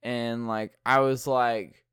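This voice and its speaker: Rambling, laughing young man with a clear voice. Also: medium pitch, level tone, slow, fairly bright tone, no room sound, studio quality. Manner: rambling, swears a lot, laughs often. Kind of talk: casual storytelling.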